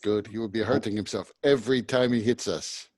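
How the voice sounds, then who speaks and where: A man's voice: lowish voice, steady tone, a little fast, a little mellow. Dry-joking male game player. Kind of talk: casual chat.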